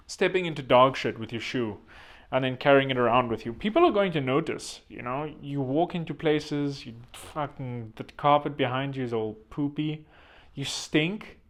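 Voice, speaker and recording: A man's voice: medium pitch, moderate pace, a bit bright. A man hosting a comedic self-help monologue, rambling and joking crudely at his own expense. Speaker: host.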